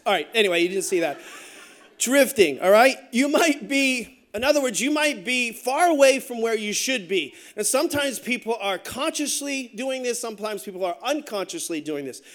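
A middle-aged man preaching a sermon as pastor, telling stories with joking asides in an animated way. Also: very high voice.

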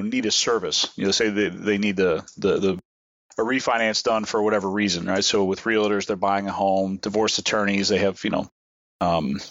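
Low-voiced man in dull, dry podcast audio. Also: fairly bright tone, no echo. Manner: rambling, explanatory, many restarts. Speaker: podcast co-host. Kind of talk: casual podcast chat.

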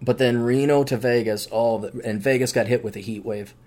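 A man hosting his own podcast, talking in a rambling, animated solo monologue with jokey asides. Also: mid-range voice, fairly quick. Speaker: podcast host.

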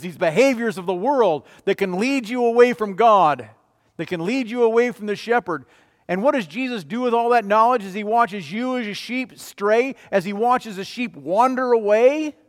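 A man preaching a sermon as a pastor, emphatic, swinging between loud declarations and quiet, low passages. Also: expressive, moderate pace, big-room sound. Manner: emphatic, rising and falling in volume.

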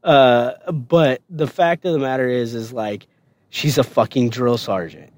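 A man's voice: mid-range voice, unhurried, a little mellow. A man casually telling a story on a podcast, swearing often and laughing.

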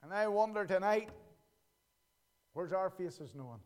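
A man preaching a sermon as pastor, earnestly repeating his questions slowly for emphasis. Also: high-pitched, expressive, a little mellow.

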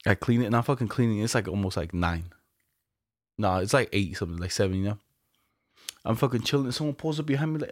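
A man's voice: on the low side, lively intonation, fast, long pauses, no room sound, clean studio sound. A man co-hosting a podcast, telling stories in loose, slangy, profane casual chat. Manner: laid-back slangy storytelling, lots of profanity. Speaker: podcast co-host.

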